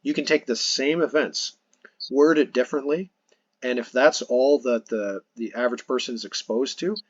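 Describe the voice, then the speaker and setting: A man's voice: medium pitch, normal speed, no echo, highs cut off. A man hosting a podcast, earnestly explaining his points in casual conversation, restarting phrases as he goes. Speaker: podcast host.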